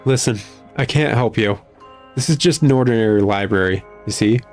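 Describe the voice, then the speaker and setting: A man's voice: lowish voice, moderate pace, darkish tone, faint music behind, lightly acted. A man voicing a prim woman librarian in a game who calls people dearie. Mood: shaken. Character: fussy middle-aged woman librarian, prim, secretive, easily rattled.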